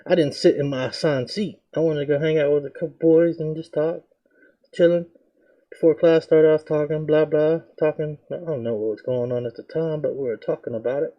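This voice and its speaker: A young man casually telling a story about his school days, slangy and animated, jumping into a higher voice to act out what people said. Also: brisk, dull audio. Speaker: reaction video host.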